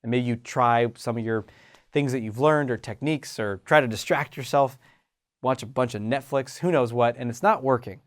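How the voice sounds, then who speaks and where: A man hosting a self-help show about confidence, talking in an animated way and acting out inner voices. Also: mid-range voice, moderate pace. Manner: animated, acts out inner voices, frequent restarts. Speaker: host and confidence coach. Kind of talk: motivational self-help talk.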